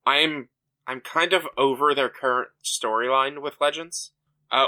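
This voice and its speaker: A man's voice: mid-range voice, pushed and bright. A young man co-hosting a podcast in casual chat, talking emphatically with many fillers and restarts. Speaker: podcast co-host.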